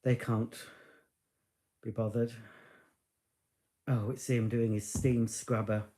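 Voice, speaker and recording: Male stream host, mellow, rambling home chat. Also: medium pitch, little pitch movement, slow pace. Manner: chatty, rambling, talks to his dog. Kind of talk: casual live stream chat.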